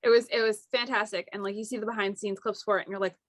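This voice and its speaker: A woman's voice: mid-range voice, fairly even intonation, racing, no room sound. A young woman co-hosting a podcast, chatting casually about a movie with lots of filler words. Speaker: podcast co-host.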